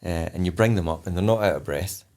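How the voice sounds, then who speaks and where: A man, a polar explorer, talking in an interview and telling a story vividly, calmly and deliberately stressing key words. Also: low-pitched. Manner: vivid storyteller who re-enacts his own instructions. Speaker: polar explorer and charity founder, interview guest.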